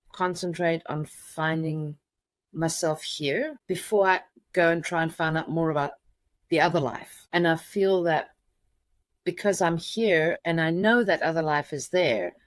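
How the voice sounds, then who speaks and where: Low-voiced woman sharing a personal story. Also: dry recording. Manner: halting, many restarts. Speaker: interview guest.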